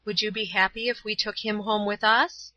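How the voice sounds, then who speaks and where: A woman's voice: medium pitch, steady tone, normal speed, sharp tone, dry recording, muffled recording, close to an everyday voice. A woman voicing a kind, firm caretaker who speaks tenderly and steadily.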